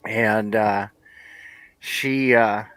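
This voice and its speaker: Man in his forties, podcast co-host, bright forceful voice, dry close sound, lively storyteller. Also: lowish voice, drawn-out words, no room sound, poor audio. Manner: animated storyteller, laughing often. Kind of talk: casual chat.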